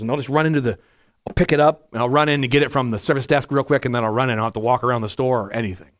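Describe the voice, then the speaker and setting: Loud chatty pastor guy preaching to his church, keeps asking "right?", mid-pitched voice. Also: rapid-fire. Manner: naturally loud, chatty, asks the room "right?". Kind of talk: conversational verse-by-verse sermon. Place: church sanctuary before a congregation.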